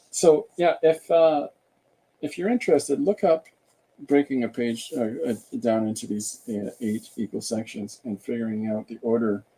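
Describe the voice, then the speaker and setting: A man's voice: medium pitch, vocal fry, dark tone, breathy edge. An older man hosting a casual livestream chat, rambling and hesitant, with lots of filler sounds. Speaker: podcast host.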